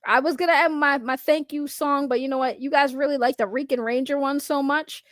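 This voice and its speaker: High pitched lady ranting on her stream, blunt, laughs a lot, super dry sound. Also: steady tone, brisk, no room sound. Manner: rambling, blunt, swears casually, laughs often. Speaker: online commentator. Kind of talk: casual livestream commentary.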